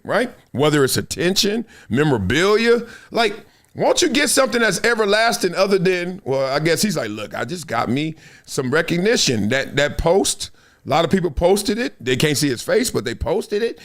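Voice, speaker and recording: A male show host with a high-sitting voice gives lively, slang-heavy reaction commentary, laughing and imitating the people in the clips.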